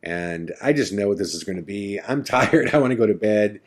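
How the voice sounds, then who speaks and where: A man's voice: fairly low pitch, expressive, fairly quick. A man hosting a podcast, casually telling a first-person story in a chatty, self-correcting way. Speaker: podcast host.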